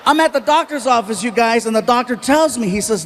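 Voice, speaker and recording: High-voiced man doing stand-up. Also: quick pace, hardly any pauses, in a large hall. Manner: animated, acts out voices, jokes at his own expense. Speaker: stand-up comedian. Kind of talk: stand-up storytelling. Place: stage at a live show.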